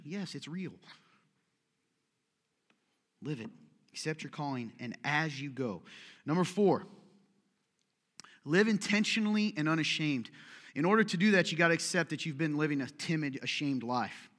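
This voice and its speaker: A man's voice: fairly high pitch, normal speed, long pauses, fairly bright tone. A man preaching a sermon to a congregation, talking casually, cracking jokes and firing pointed questions at the room. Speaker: pastor. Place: large church hall.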